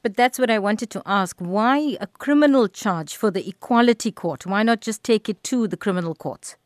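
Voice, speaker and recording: A woman hosting a radio news interview, asking measured, probing questions. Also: mid-range voice, expressive, dry recording, studio quality.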